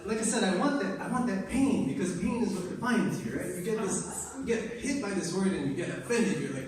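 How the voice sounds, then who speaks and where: A man's voice: high voice, expressive, brisk, hardly any pauses. A young American man performing impromptu stand-up comedy, talking to the crowd in a crude, exasperated way. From United States. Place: open mic venue. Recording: echoey room, distant mic, crowd ambience.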